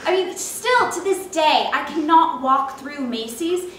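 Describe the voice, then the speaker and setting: A high-voiced woman sharing a childhood memory in a chatty, rambling way. Her voice rings in an echoey room with faint noise behind it. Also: lively intonation, unhurried, a bit bright, recorded from a distance. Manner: chatty, with many "um" and "you know". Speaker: storyteller. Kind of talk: casual personal anecdote.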